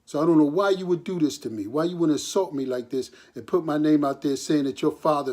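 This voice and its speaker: A man's voice: on the high side, a little fast, hardly any pauses, darkish tone. An older man making a recorded personal appeal to his grown son, earnest and hurt, pleading with him. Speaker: father addressing his son.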